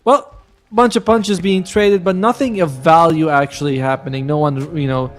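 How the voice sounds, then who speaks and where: A man's voice: a little high, fairly even intonation, normal speed. A man commentating a live esports match, chatty and joking as he breaks down the play. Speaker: esports caster.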